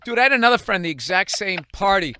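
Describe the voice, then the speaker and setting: A man's voice: sits high, fast talker, heavy background noise. A middle-aged man from the Boston area telling blunt, profane stories as a podcast host. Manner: blunt, profane anecdotes with animated quoted voices. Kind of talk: casual chat, storytelling.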